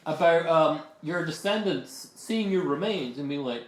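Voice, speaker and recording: Lively high-pitched man, teasing co-host, sounds a bit roomy. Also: measured pace. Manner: teasing, mock-formal questioning. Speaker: podcast co-host. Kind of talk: casual comedy chat.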